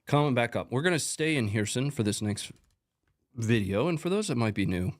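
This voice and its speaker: A man's voice: medium pitch, brisk. A man hosting a live stream, talking casually through combat footage with chatty asides. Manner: relaxed, conversational, chatty asides. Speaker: host.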